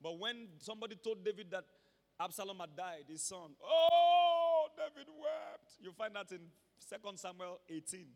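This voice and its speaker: A man with a Nigerian accent preaching a sermon to his church, emphatic and rising from quiet talk to shouts. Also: sits high, lively intonation, moderate pace, vocal fry. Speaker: pastor. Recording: long hall reverb.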